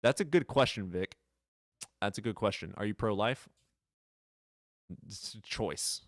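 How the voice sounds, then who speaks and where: A man's voice: fairly low pitch, unhurried, dry recording, studio quality. A man hosting a casual livestream chat, teasing and swearing freely and laughing often. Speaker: livestream host.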